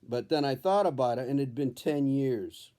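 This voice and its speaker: A man who is a comedian, telling a personal story at home in a candid, profane, animated storytelling way. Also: medium pitch, normal speed. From New Hampshire. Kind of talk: storytelling vlog. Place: his home, indoors.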